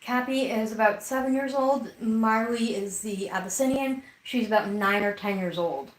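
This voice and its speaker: Despite having the hiccups, this woman keeps her casual livestream going, reading comments aloud, chatting with viewers, and talking to her pets. Her voice is slightly high at normal speed, in a low-quality, reverberant recording with slight background noise.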